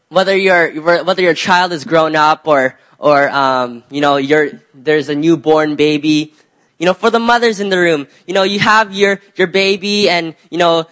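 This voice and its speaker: A young man preaching a sermon in a conversational way, often pausing on fillers and restarting his sentences. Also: high voice, a bit bright. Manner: conversational, many "you know" fillers and restarts.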